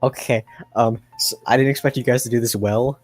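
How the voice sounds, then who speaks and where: A man's voice: mid-range voice, steady tone, a little fast, soft background music. A young man narrating as game master, hesitant and full of fillers as he describes the scene. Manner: hesitant, many fillers and restarts.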